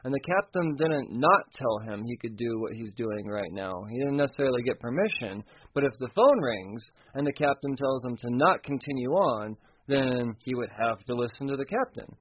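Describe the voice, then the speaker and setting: A man's voice: medium pitch, animated, moderate pace, hardly any pauses, breathy edge, lo-fi sound. Man recapping a comic, loose and profane. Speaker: comic book reviewer. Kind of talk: casual recap chat.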